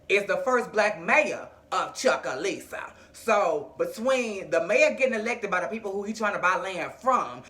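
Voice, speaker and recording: A man's voice: sits high, sharp tone. A man recapping a TV episode in a chatty, sassy way, full of asides and playful digressions. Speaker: TV recap vlogger.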